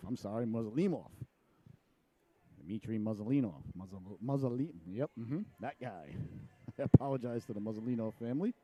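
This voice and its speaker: A man's voice: medium pitch, mellow, no room sound. A middle-aged man calling live hockey play-by-play, chatty and jokey, drifting into personal stories, his voice jumping up on shots and saves. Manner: voice jumps up sharply on shots and saves.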